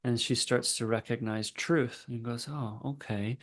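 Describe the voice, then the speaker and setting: A man, a therapist and podcast guest, telling a story in a relaxed conversational way with fillers. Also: mid-range voice, a little slow. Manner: relaxed, lots of fillers and restarts.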